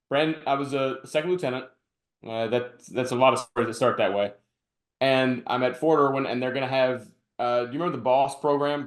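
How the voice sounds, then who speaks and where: A retired army officer hosts a laid-back podcast and tells his army stories with gusto, acting out the voices of the people he quotes. His voice is at an ordinary pitch, and the roomy recording gives it a noticeable echo.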